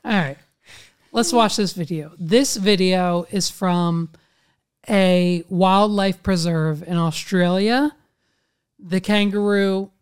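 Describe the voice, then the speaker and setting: Profane, animated storytelling man. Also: sits high, slow pace, clear, resonant tone. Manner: animated, swears constantly. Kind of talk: casual storytelling chat.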